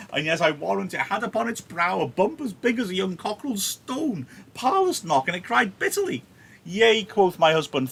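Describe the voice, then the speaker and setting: A chattering old nursemaid who can't stop giggling, as a male teacher puts her on. She talks in a high, squeaky pitch, loud and swooping all over the place. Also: gravelly, full character voice. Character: garrulous old female nurse, giggly and rambling.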